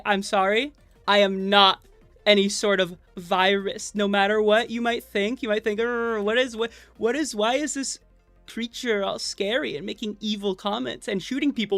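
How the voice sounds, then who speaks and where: Her voice is mid-range, steady, a bit bright and at normal speed, recorded dry on a desk microphone at her computer. Anxious and stage-struck, this streamer chats casually to viewers over faint game music, playfully mocking herself and rambling through many fillers and restarts.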